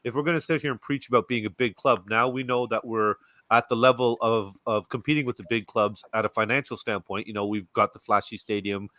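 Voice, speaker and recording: A man's voice: lowish voice, steady tone, sharp tone, no echo. Chatty Canadian man on a video call. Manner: earnest, rambling, quick to laugh. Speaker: co-host. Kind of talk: casual fan-show chat. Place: home near Toronto. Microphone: video call mic.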